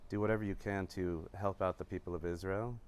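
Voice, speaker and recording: A visiting father giving an emotional personal testimony, halting and repeating himself. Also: sits low, fairly even intonation, a little mellow, clear, resonant tone. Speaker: visiting parent.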